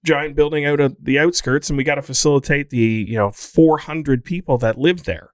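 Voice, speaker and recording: A man's voice: moderate pace, no room sound, lightly acted. A man putting on a chirpy goofy salesman voice. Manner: goofy put-on accent, high and bouncy.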